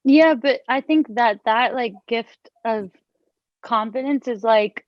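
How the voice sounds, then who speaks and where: A woman's voice: on the high side, slow pace, dry recording, lo-fi sound. A woman in a casual conversation who reads aloud from her own book and talks hesitantly, with many fillers. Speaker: interviewer and author.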